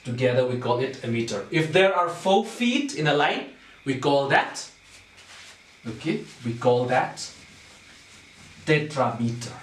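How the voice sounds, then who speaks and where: Slow, patient male teacher, echoey room. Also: medium pitch, lively intonation. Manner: patient, repeats points, keeps checking with "okay?". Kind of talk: explaining a poem to a class. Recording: roomy sound, far from the mic, faint noise.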